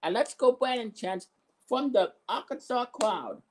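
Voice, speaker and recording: Excitable rambling wrestling commentator. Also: male voice, very high voice, unhurried, a little hiss or hum, rough recording. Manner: rambling recap with frequent restarts and sudden excited outbursts. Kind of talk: amateur recap commentary of a wrestling show.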